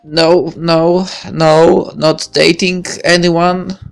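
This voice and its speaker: A woman's voice: on the low side, flat delivery, drawn-out words, creaky, faint music behind, pitched above the performer's own voice, exaggerated voice. A woman voicing a musing teen girl. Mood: shy. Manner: musing, self-questioning inner monologue. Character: young woman, thoughtful high school senior. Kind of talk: reading a visual novel aloud.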